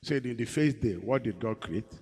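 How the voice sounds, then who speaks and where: A man preaching a sermon, quizzing his congregation and swinging between loud and soft in a rhythmic delivery. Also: mid-range voice, lively intonation, fairly quick, breathy edge. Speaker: pastor. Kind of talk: sermon with call-and-response. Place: church. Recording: echoey hall.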